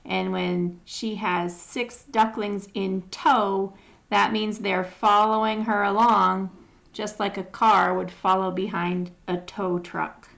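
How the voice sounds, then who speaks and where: A woman leads a phonics lesson and sounds out each word patiently, one at a time. She talks very slowly, with a gravelly edge to her voice. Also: medium pitch, little pitch movement, a bit bright. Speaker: phonics teacher. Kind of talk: slow phonics lesson reading.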